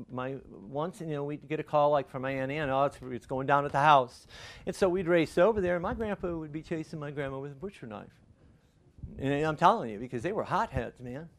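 A middle-aged male pastor preaching a conversational sermon, telling stories with lively restarts. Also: a little high. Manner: conversational, animated storytelling with restarts.

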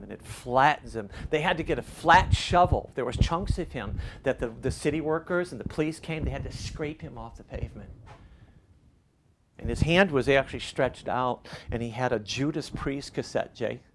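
A man's voice: medium pitch, a little hiss or hum. An older man preaching in a conversational way, telling stories and giving lessons with rising emphasis. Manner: storytelling with rising emphasis and quoted voices. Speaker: pastor. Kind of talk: preaching, conversational sermon talk.

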